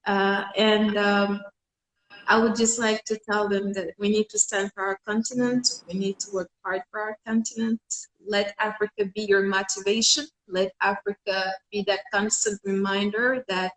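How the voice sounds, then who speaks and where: A woman's voice: mid-range voice, fairly even intonation, normal speed, roomy sound, slight background noise, low-quality recording. A young woman from Senegal speaking with conviction as an interview guest, with some fillers. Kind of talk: casual interview talk.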